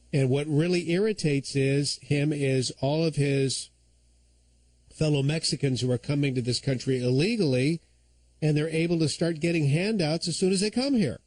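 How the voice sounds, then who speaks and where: A man's voice: a little high, a little mellow, no echo, poor audio. A man filling in as host of a talk radio show, telling stories and giving opinions in a conversational monologue on a studio microphone.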